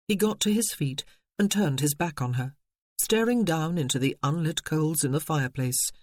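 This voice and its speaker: Measured audiobook narrator, dry close sound. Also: mid-range voice, no room sound. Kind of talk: scripted narration.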